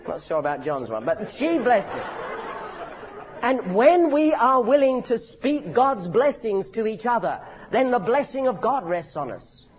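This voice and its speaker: Animated high-voiced preacher, lo-fi recording. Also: male voice, a little slow, a faint crowd, a little hiss or hum. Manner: animated, humorous storytelling. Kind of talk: sermon.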